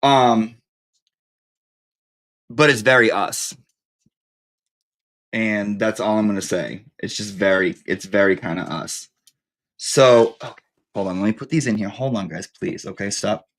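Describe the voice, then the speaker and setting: A man's voice: lowish voice, measured pace, long pauses. Brief: male live-stream host, loose campy chat, foul-mouthed and rambling.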